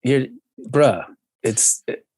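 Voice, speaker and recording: A man's voice: medium pitch, animated, extremely slow, darkish tone, husky, no room sound. Guy on a podcast, jokey and blunt, voice sounds dry and close. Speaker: podcast co-host. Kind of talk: casual comedic banter.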